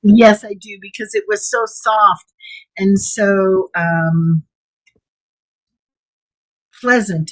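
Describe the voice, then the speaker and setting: Woman, guest, casual chat, unhurried, gentle and thoughtful. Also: medium pitch, low-quality recording.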